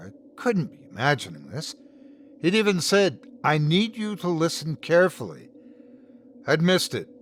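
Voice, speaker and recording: A man narrating a first-person horror story in an expressive, dramatic storytelling manner. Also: mid-range voice, a little hiss or hum.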